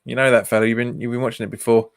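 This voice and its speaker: A man's voice: mid-range voice, little pitch movement, rapid-fire, gravelly. A man, hosting a football watch-along stream, chatting casually, laughing often and reading out viewer comments. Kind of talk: casual live commentary and chat.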